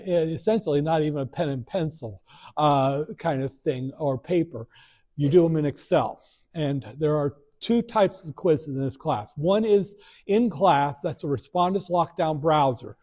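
A man's voice: on the high side, a little mellow. A middle-aged man lecturing a college class, talking frankly and rambling with many fillers and restarts. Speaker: college finance instructor. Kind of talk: first-day classroom lecture.

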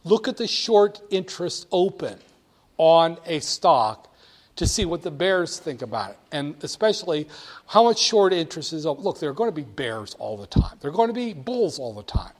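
Animated man lecturing a class. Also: a little high, moderate pace. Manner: animated, emphatic, swings between quiet and loud. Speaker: instructor.

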